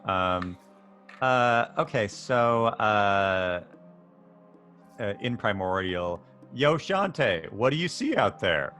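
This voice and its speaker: Slow, low-voiced man joking at the table. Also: expressive, fairly bright tone, faint music behind. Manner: joking, drawn-out. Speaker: player. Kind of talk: casual tabletop play.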